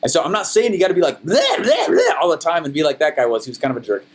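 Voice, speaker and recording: A young man teaching sales in a high-energy, hypey way, telling animated stories to students. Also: rapid-fire. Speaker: sales coach. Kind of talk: energetic training talk.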